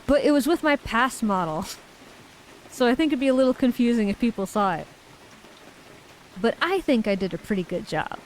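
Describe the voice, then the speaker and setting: A woman's voice: fairly high pitch, animated, moderate pace, pauses often, slight background noise, rough recording. A woman streamer in casual chat, reading viewer messages aloud and giggling often.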